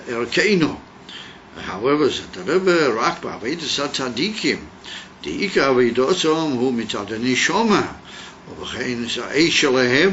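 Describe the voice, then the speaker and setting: A male rabbi teaching a Hasidic text and telling a story, in halting English full of fillers and Hebrew and Yiddish terms. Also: medium pitch, fairly bright tone. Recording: dull lo-fi recording with faint hiss.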